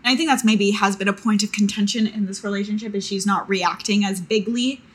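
Husky-voiced woman playing a tabletop game. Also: medium pitch, fairly even intonation. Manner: halting, earnest in character. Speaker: player. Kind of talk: tabletop role-play.

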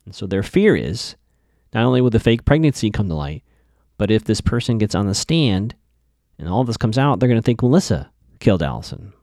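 A man's voice: fairly low pitch, very animated, a little fast, a little mellow, no echo, studio quality. Chatty man recapping an episode. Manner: chatty, offhand, with many fillers.

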